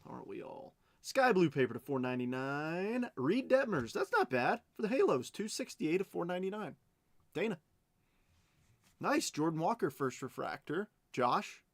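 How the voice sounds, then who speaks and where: A man's voice: a little high, sing-song, normal speed, dry recording. A man hosting a live card break stream, chatting as he calls out cards and bids. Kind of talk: live stream auction chat.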